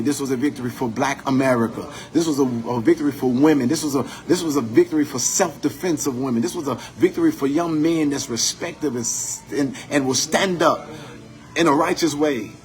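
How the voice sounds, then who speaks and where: A man's voice: medium pitch, fairly quick, a little mellow. A man giving an impassioned, profane commentary monologue, building his points with preacher-like repetition.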